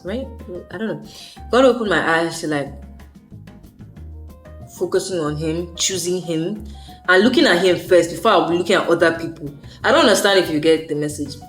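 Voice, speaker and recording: A woman's voice: on the low side, animated, a little fast, faint music behind. A young woman talking casually about her faith in a rambling, slangy vlog monologue. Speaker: faith vlogger.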